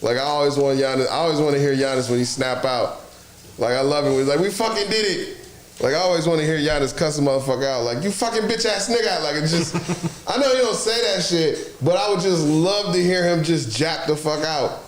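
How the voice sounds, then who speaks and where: A man hosting a casual sports talk show, loud and profane, laughing often as he talks. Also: fairly high pitch, quick pace. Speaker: podcast host. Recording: roomy echo, faint noise.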